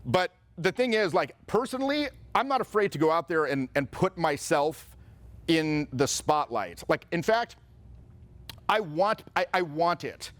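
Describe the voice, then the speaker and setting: A male social confidence coach in a casual motivational talk. He tells stories and gives advice in an animated way, with frequent swearing. His voice sits a little high for a man. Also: measured pace. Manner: profane, animated storyteller.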